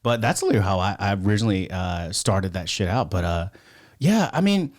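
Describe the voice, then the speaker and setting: As a guest on a podcast, a man from the US rambles through casual stories, cursing constantly. He has a deep voice and speaks in an animated, brisk way.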